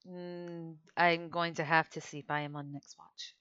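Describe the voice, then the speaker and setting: A woman's voice: low voice, little pitch movement, unhurried, a bit bright, clean tone, no room sound. A woman narrating as game master of a tabletop game, speaking in character and laughing between lines. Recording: dull lo-fi dry sound.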